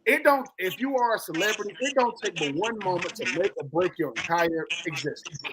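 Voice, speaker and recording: A man co-hosting a casual sports podcast, talking in an animated, joking way and acting out the people he quotes. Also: sits high, fairly quick, a crowd in the background, poor audio. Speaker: podcast co-host.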